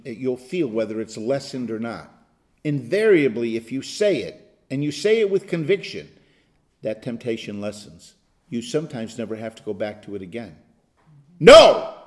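Teaching an interactive Bible study, this man, a pastor, is animated and emphatic, now and then breaking out in loud exclamations. His pitch runs fairly high.

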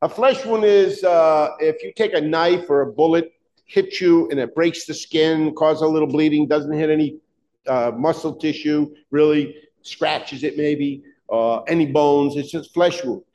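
Guy preaching a sermon, fairly high voice, gets fired up and loud, stumbles over his words with lots of uh's. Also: dull audio, slight background noise. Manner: emphatic, rising to fervent peaks, asks the congregation questions; halting restarts with frequent "uh" fillers.

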